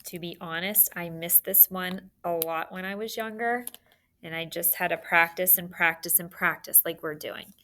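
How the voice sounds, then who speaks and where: A woman's voice: on the low side, normal speed, pushed and bright. A young woman teaching a spelling lesson by video, patient and encouraging, spelling words out letter by letter.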